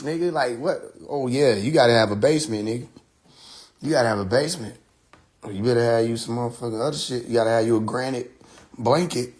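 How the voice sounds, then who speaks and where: A man hosting a casual live stream, riffing loudly with profanity and frequent laughter. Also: medium pitch, fairly quick, slight background noise. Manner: loud joking rant, heavy profanity, laughing often. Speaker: livestream host. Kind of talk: casual livestream chat.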